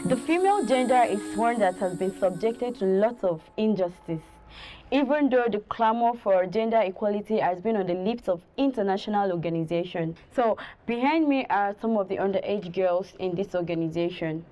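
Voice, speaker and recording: An actress with a Nigerian accent playing a TV reporter giving a formal scripted report. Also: female voice, medium pitch, moderate pace, dark tone, natural voice. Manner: formal, presenting. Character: television reporter.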